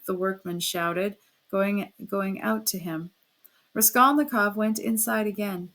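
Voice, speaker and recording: A woman narrating a classic novel as an audiobook reader, in a steady storytelling manner. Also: unhurried. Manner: steady storytelling, raises pitch and volume for quoted speech. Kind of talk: scripted narration.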